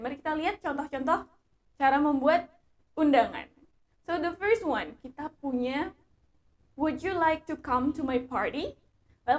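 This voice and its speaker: A woman with an Indonesian accent teaching an English lesson. She says English phrases slowly and carefully, then explains them quickly in Indonesian. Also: high-pitched, a little hiss or hum.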